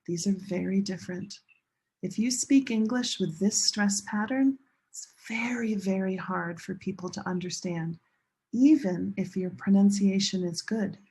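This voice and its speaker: A woman teaching English pronunciation, speaking slowly and deliberately and drawing out stressed syllables to demonstrate. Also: medium pitch, a little mellow, breathy edge. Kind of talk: classroom teaching.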